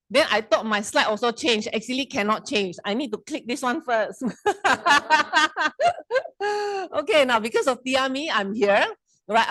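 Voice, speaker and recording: A middle-aged Malaysian woman talks to a seminar crowd in a chatty, teasing way, firing questions at them. Her voice sits a little high, and the sound is dry and close. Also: fairly bright tone, dry recording, low-quality recording. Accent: Malaysian English. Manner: chatty, teasing, quizzes the audience. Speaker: wellness presenter. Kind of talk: casual seminar talk.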